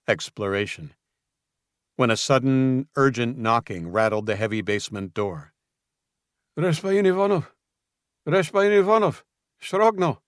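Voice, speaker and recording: A man narrating a thriller audiobook in a measured, tense delivery. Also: on the low side, a bit bright, clear, resonant tone, dry recording, studio quality.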